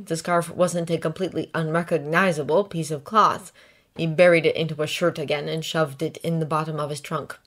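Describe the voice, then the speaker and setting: A woman reading a fan story aloud in a measured, even way, as scripted narration. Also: fairly low pitch. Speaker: audiobook reader.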